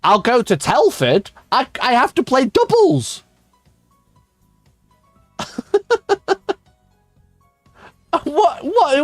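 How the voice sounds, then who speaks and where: A man's voice: very high-pitched, huge pitch swings, extremely slow, long pauses, no room sound, faint music behind. A man hosting a casual wargaming live stream, ranting, swearing and laughing often. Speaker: wargaming channel host.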